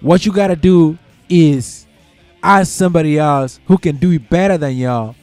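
A man with a slightly raised voice talks straight to his listeners in a loose, chatty way, often stopping to ask if they follow. He says y'all and folks and repeats his key points. The sound is dry and close, with soft music underneath. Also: fairly high pitch, normal speed, clear, resonant tone, no echo. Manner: conversational, uses y'all and folks. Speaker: commentator. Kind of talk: casual advice talk.

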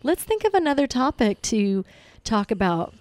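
A woman's voice: on the high side, big pitch swings, normal speed, darkish tone, dry recording. A woman hosting a casual conversation, reflective and encouraging as she shares a personal story. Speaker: host.

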